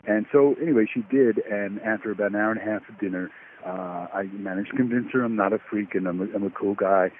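A man's voice: on the low side, fast talker. An Australian man calling in to tell a personal story in a rambling way, full of fillers. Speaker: caller. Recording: tinny phone line, faint noise.

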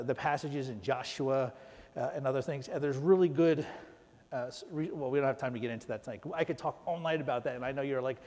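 A male pastor giving a conversational sermon, swinging between loud emphasis and soft asides. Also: on the high side. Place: church. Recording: long reverb of a church hall.

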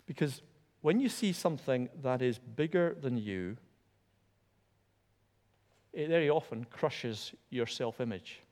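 A man preaching a sermon in a church, animated and emphatic, repeating words for stress. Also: medium pitch, unhurried, long pauses. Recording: long hall reverb.

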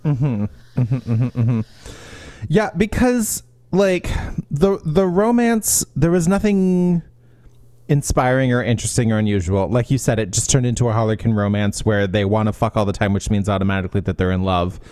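A man's voice: medium pitch, normal speed, a little mellow, no room sound, studio quality. A man co-hosting a casual book podcast who retells scenes with enthusiasm, acts out the characters' lines and swears freely. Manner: enthusiastic retelling with acted quotes and frank swearing. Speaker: podcast co-host. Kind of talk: casual book review chat.

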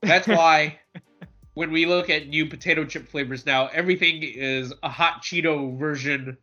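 A man co-hosting a comics podcast riffs in a loose, joking way, doubling words as he gets going. His voice is bright and a bit high. The audio is dull and lo-fi, with faint music underneath. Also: normal speed. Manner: joking, animated, repeats words when starting. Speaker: podcast co-host. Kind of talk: casual chat.

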